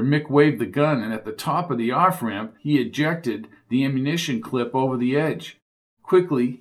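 A man reading a crime thriller audiobook with steady, driving storytelling. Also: mid-range voice. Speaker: audiobook narrator. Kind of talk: scripted thriller narration.

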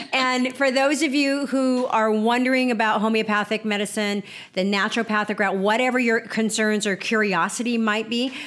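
A middle-aged woman hosting a podcast, talking in an effusive, chatty way and thanking her guest warmly. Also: mid-range voice. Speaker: podcast host. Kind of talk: casual interview chat.

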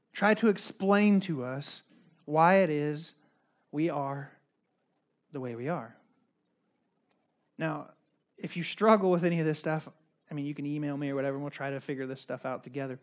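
Male pastor, high voice, casual sermon with chatty asides, loud-to-quiet swings. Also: fairly even intonation, moderate pace, long pauses.

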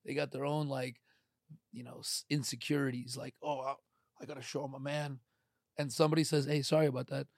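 A middle-aged man in casual podcast chat, animated and acting out quoted voices. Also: medium pitch, brisk, gravelly, dry recording, clean studio sound.

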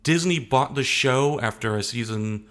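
A man's voice: mid-range voice, normal speed, a bit bright. A young adult man talking casually as an interview guest, rambling and hesitant, often restarting his sentences.

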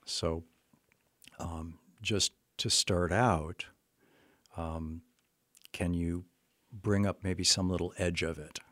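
Low-voiced older man recounting a story. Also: fairly even intonation, fairly bright tone, no echo, clean studio sound. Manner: halting, with frequent restarts and fillers. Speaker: therapist. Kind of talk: conversational storytelling.

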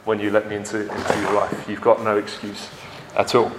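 A man's voice: fairly low pitch, monotone, fairly quick, background noise, voice pushed down, lightly acted. A preacher acting out sin personified as a sly, taunting male voice in a roomy space. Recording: roomy echo.

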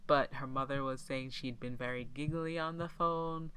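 A woman's voice: rumbling low, moderate pace, smooth, poor audio. A woman co-hosting a podcast, chatting casually as she recaps a film, laughing often and acting out scenes. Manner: laughs often, animated retellings.

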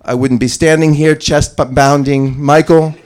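A man's voice: a little high, fairly even intonation, moderate pace, darkish tone, clear, resonant tone. A man wrapping up a motivational stage talk in a jokey, profane, punchy way. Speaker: speaker on stage.

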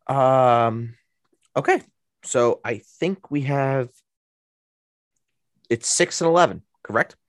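A man's voice: medium pitch, slow pace, long pauses, no room sound. Man, mid-voiced podcast co-host, rambling casual sports chat, dry close sound. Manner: rambling, with many restarts and fillers.

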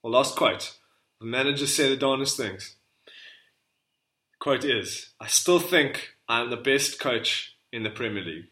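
A man's voice: medium pitch, lively intonation, unhurried, pushed and bright. A man co-hosting a casual football podcast, joking and laughing often as he guesses at quotes. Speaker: podcast co-host. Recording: roomy echo.

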